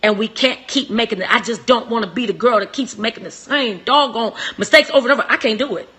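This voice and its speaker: A young woman hosting a live-stream relationship talk, preachy and emphatic, repeating phrases and swinging from soft to shouting. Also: a little high, quick pace, slightly rough.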